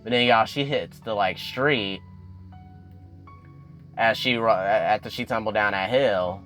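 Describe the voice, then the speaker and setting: A young man casually recapping a TV episode, addressing viewers directly and getting animated as he goes. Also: unhurried, faint music behind. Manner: animated, addresses viewers as y'all, swings up in pitch when excited. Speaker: YouTube recap host.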